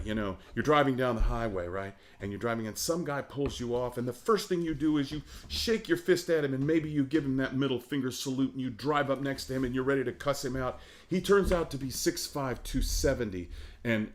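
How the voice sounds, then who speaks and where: A middle-aged man, an opera singer, telling stories in a casual interview, acting out the voices of the people in them and laughing often. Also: medium pitch. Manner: animated, acts out quoted voices, laughs often. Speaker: guest, opera baritone.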